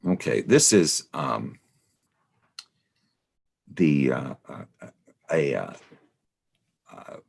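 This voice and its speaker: Very deep, gravelly man rambling through a lesson. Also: expressive, extremely slow, pauses often. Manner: meandering, full of "you know" and "uh". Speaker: study group leader. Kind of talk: casual rambling lecture with anecdotes.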